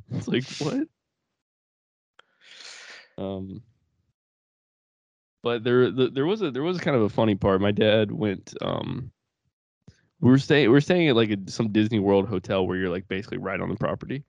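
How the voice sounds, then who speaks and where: A man's voice: fairly low pitch, expressive, moderate pace, creaky, pauses often, a little mellow, no room sound, dull audio. A young man co-hosting a podcast, rambling through profane family stories and laughing as he talks. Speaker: podcast co-host. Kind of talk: casual chat.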